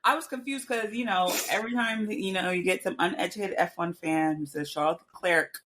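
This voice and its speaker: A woman co-hosting a podcast in casual chat, telling stories bluntly and jumping into excited asides. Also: lowish voice, a little fast, a little hiss or hum. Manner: storytelling, blunt, rises into excited quoted asides. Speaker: podcast co-host.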